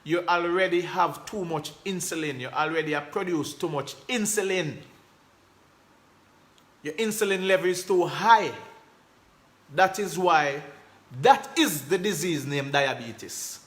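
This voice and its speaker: Reading viewers' comments aloud, a Jamaican-accented host runs a relaxed live stream, his patois-laced speech emphatic. He talks a little slowly, and his voice is a bit high and fairly bright.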